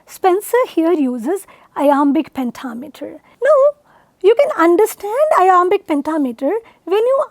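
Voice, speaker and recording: A woman lecturer with an Indian English accent, explaining poetry in a recorded online lecture, slowly sounding out syllables and stresses. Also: very high-pitched, a little mellow, no room sound. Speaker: university lecturer.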